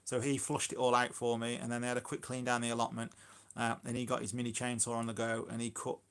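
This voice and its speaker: A man's voice: medium pitch, completely flat delivery, quick pace, fairly bright tone, clean tone. Rambling chatty man. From Shropshire, England. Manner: rambling, chatty, self-deprecating, full of fillers. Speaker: allotment gardener and live streamer. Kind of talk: casual live-stream chat. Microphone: phone.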